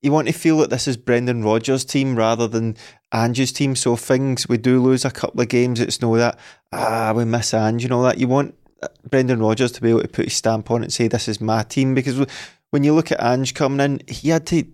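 A Scottish man chats about football on a podcast in a measured, reflective way. He lays out his points steadily, with a few rhetorical questions. His voice sits at a middle pitch. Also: steady tone, darkish tone. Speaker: podcast co-host. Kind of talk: casual football podcast chat.

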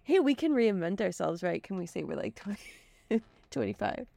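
A woman's voice: medium pitch, expressive, moderate pace, vocal fry, mellow, no echo. A woman in her thirties from Wisconsin with a Wisconsin accent, co-hosting a casual podcast chat and laughing often. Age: 30s. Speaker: podcast co-host.

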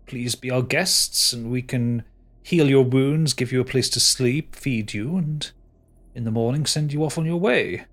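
A man plays an older male cult leader in a spoken tabletop game. He speaks formally and graciously, with polite restarts, in an even mid-range voice. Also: mid-range voice, unhurried, close to an everyday voice. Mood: welcoming.

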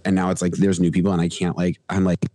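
A man's voice: low-pitched, monotone, fast, dark tone. A man hosting a casual podcast chat, rambling with lots of filler words and comic complaining. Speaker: podcast host.

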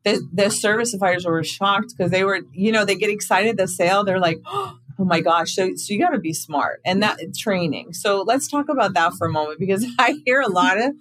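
A man hosting a podcast, telling stories in a casual, animated way and acting out the voices of the people he quotes. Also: high-pitched, a little fast, hardly any pauses, rough recording. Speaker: podcast host. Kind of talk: casual conversation.

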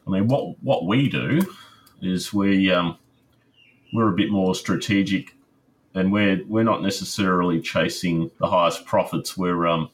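A man answering interview questions in a measured, explanatory way, with many pauses and ums. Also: deep voice, slight background noise. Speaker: guest, crypto miner.

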